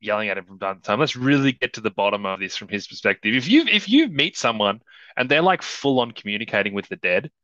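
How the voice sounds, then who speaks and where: Man, podcast co-host, bright forceful voice, dry dull lo-fi sound. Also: on the low side, fast, no echo. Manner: animated, acts out quoted dialogue. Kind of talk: casual film discussion.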